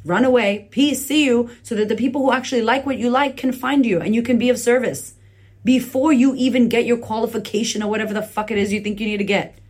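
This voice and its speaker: Husky, blunt woman giving a profane pep talk. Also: a little high, steady tone, quick pace, darkish tone. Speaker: podcast host. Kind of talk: motivational podcast talk. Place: indoors. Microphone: phone camera leaning on a laptop.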